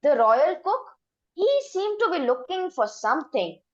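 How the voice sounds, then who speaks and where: A woman telling a folktale as a teacher storyteller, expressive and full of dramatic pauses. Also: high-pitched, dull audio.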